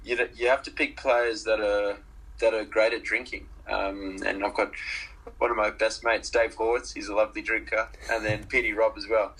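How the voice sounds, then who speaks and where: A young man from Zimbabwe talks rugby as an interview guest, relaxed and full of ums and little laughs. His voice sits a bit low, husky yet bright and forward. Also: moderate pace, poor audio. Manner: relaxed, hesitant with many ums, laughs easily. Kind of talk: casual interview chat. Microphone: call.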